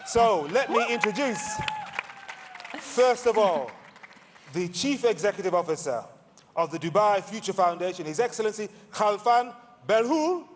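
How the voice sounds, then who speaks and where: A man moderating a conference panel on stage, lively and playful with theatrical emphasis. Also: high voice, measured pace, pauses often, slight background noise. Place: large conference hall. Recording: reverberant hall.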